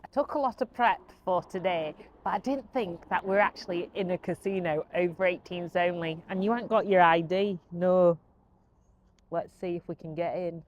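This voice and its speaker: A woman's voice: fairly low pitch, normal speed, darkish tone, muffled recording. A woman hosting a casual chat, talking in a chatty, playful way. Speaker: host. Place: restaurant in a casino. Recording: busy room with crowd noise.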